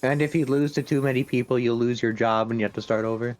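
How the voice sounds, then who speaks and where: A man playing along with a friend's stream, making relaxed, matter-of-fact remarks over voice chat. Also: medium pitch, fast talker, faint music behind. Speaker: co-player friend. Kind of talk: casual gaming chat.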